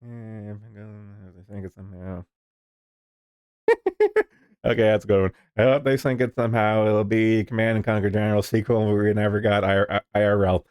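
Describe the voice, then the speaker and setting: A man's voice: fairly low pitch, big pitch swings, normal speed, darkish tone, clean tone, dry recording, studio quality. A man casually commenting on the news, rambling and swearing, with lots of fillers. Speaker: streamer reading the news.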